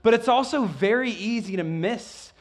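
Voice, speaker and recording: A male pastor preaching in a church, eager and animated, who often trips over his words and starts sentences again. His voice sits high for a man. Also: moderate pace. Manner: excitable, with frequent stumbles and restarts. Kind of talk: sermon.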